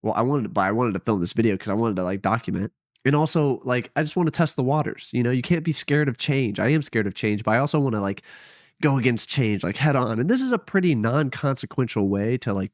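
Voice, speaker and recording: A young man talks into a headset mic at home, rambling and hesitant, often doubting himself aloud. His voice sits at an ordinary middle pitch. The sound is close and dry with no room echo. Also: expressive, brisk. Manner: rambling, hesitant, self-deprecating. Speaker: vlogger. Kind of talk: casual late-night vlog.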